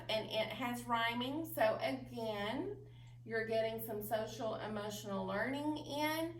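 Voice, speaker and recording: A woman librarian giving patient instructional advice to parents, explaining slowly with frequent ums. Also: a little high. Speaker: children's librarian. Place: library room. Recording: roomy distant mic with faint noise.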